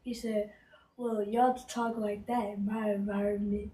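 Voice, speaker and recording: Woman talking quiet and unsure, far off, flat mellow voice. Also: mid-range voice, unhurried, a little hiss or hum. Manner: quiet, hesitant remarks. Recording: echoey room, far from the mic.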